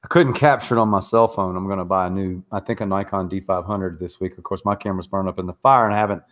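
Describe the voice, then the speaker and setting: A man's voice: low-pitched, fairly even intonation, fast talker. A middle-aged man hosting a live podcast, telling stories and ranting in a loose, profane, emphatic way. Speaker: podcast host. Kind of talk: casual livestream rant.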